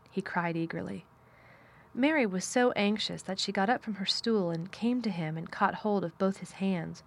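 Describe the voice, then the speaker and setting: A woman narrating a children's audiobook in a calm, measured storytelling manner. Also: fairly low pitch, creaky. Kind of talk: audiobook reading.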